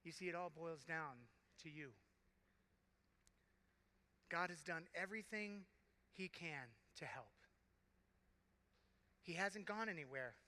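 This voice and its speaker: A man preaching as a deacon at a youth conference, impassioned with dramatic pauses. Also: fairly high pitch, sharp tone. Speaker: deacon and keynote speaker. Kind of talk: sermon. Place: large conference arena. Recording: big hall reverb.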